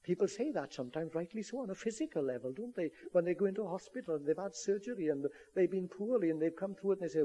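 A man's voice: sits high, animated, fast talker, few pauses, warm tone. A man preaching a sermon to a congregation, earnest and building to emphatic appeals.

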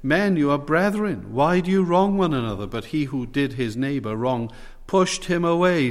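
A man's voice: mid-range voice, expressive, moderate pace. Emphatic male preacher in a reverberant hall. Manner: emphatic, rising and dropping for stress, quotes scripture. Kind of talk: expository sermon.

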